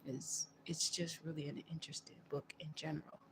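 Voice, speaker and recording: Woman on a livestream, gravelly voice, earnest and kinda repetitive, faint hiss behind. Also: low voice, little pitch movement, fairly quick. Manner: earnest, repetitive, loops back on phrases. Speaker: livestream host. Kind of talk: casual religious monologue.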